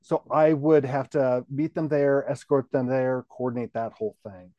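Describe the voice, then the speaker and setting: A middle-aged man, a guest on the show, telling his career story in a relaxed, rambling way full of "you know" fillers. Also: mid-range voice, normal speed, no echo, highs cut off. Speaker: guest, TV station general manager.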